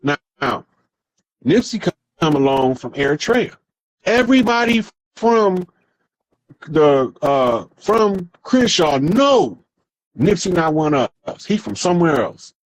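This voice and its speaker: Man, casual monologue, profane, emphatic storyteller, somewhat high voice, dry sound. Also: very animated, slow, no room sound. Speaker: podcast speaker.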